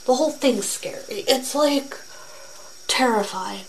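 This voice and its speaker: A young woman talking earnestly in a casual vlog, reading facts aloud in a halting way with fillers and restarts. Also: high voice, a little hiss or hum, low-quality recording.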